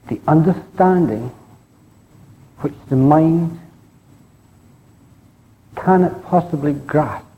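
Dark-voiced man giving a spiritual talk. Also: poor audio. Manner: rambling, tags lines with "eh?"; drops to soft, low emphasis on key words. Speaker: spiritual teacher.

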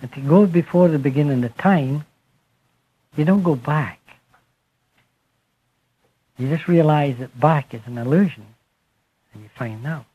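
A husky-voiced man gives a spiritual talk to a gathered group, leaning into key words and letting each phrase sink quietly at its end. The recording sounds muffled and lo-fi, like an old archive tape. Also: on the high side. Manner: slow, emphatic, trailing off softly at phrase ends. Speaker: speaker addressing a group. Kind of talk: spiritual talk to a live audience.

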